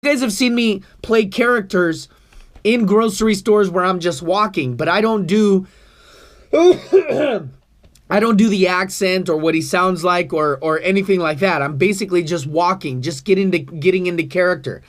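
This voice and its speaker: A man's voice: high-pitched, normal speed. A man vlogging to camera about his acting class, talking in an earnest, rambling way, bothered by allergies. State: allergies, coughing. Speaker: vlogger, improv student. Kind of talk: casual talk to camera.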